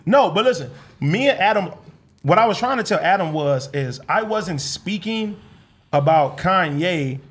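A man hosting a casual podcast, loud and joking, with lots of profanity. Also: sits high, expressive, a little slow, breathy edge. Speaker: podcast host. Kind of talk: casual comedic podcast banter.

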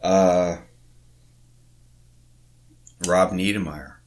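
Deep-voiced rambling man on a podcast. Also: fairly even intonation, takes it slowly. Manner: rambling, swears, reads names off a list. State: has the hiccups. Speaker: podcast co-host. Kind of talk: casual sports podcast chat.

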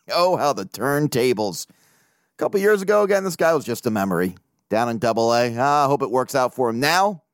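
Animated, swearing male sports podcaster. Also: medium pitch, no room sound, clean studio sound. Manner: animated, profane, laughs often. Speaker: podcast host. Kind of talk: casual sports talk monologue.

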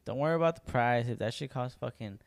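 A young man co-hosting a podcast, chatting casually in an animated, emphatic way and swearing freely. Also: mid-range voice, fast, creaky, dry recording. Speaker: podcast co-host. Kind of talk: casual chat.

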